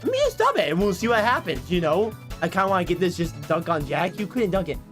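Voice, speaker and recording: A man's voice: high voice, very animated, fast, a bit bright, soft background music. A man streaming casually, flustered and self-mocking as he talks through his voice attempts aloud. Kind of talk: casual livestream chat.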